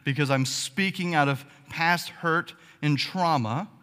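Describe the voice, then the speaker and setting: A man preaching a sermon as pastor, animated and sarcastic, checking in with the congregation with frequent "okay?" asides. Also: fairly high pitch, measured pace, clear, resonant tone. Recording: long hall reverb.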